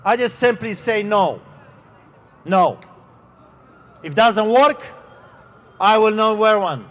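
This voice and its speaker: A middle-aged man with a non-native English accent preaches outdoors on a city street, unusually high-pitched. He talks slowly and emphatically, stretching key words for weight. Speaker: street pastor.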